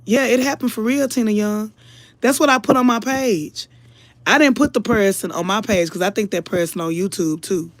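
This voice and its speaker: Woman commentator, casual live chat, earnest and preachy, emotional, middle pitch, dry close sound. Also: moderate pace, dry recording. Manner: earnest, preachy, keeps addressing the audience as y'all. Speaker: online commentator.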